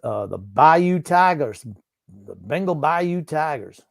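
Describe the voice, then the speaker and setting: A man co-hosting a casual football watchalong podcast, gruff and blunt, given to rambling asides. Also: fairly high pitch, big pitch swings, slow, no room sound, studio quality. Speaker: podcast co-host called Grump. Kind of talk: casual game watchalong chat.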